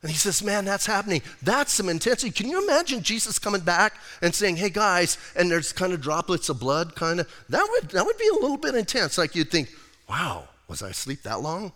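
Male pastor, casual and animated sermon, bright and forceful tone, recorded with echoing hall reverb. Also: high-pitched, fairly quick, few pauses. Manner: casual, animated preaching with acted-out quotes. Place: church sanctuary.

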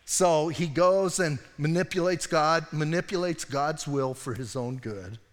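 Male pastor, casual and animated sermon storyteller, slightly high voice, with reverb from the hall. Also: a little slow. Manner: animated, slangy storytelling with asides.

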